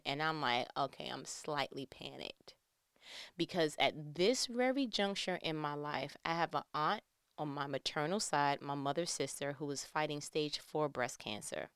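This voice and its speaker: A middle-aged woman casually telling a personal story, animated and faith-filled, dropping to a hush and rising to emphatic peaks. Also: lowish voice, clear, resonant tone, no echo, studio quality. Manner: animated, swings from hushed to loud and emphatic.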